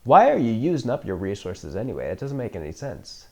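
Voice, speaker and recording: Sarcastic, mellow-voiced man joking through a movie. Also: medium pitch, huge pitch swings, brisk. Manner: joking, sarcastic, swears freely, laughs often. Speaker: film reaction host. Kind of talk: casual first-time movie reaction commentary.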